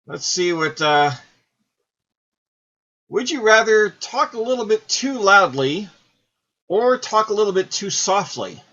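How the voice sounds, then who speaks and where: A man's voice: high voice, expressive, slow pace, long pauses, pushed and bright, lo-fi sound. A man in his forties hosting a casual game video, rambling and self-deprecating as he talks through questions. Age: 40s. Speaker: host. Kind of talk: casual commentary while playing a game.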